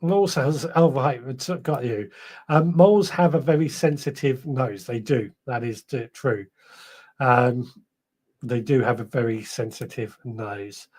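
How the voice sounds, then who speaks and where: A man's voice: mid-range voice, unhurried, darkish tone. A man hosting a podcast live stream, reading out viewer comments in a rambling, chatty way, a little tired. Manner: chatty, rambling, self-correcting. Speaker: podcast host.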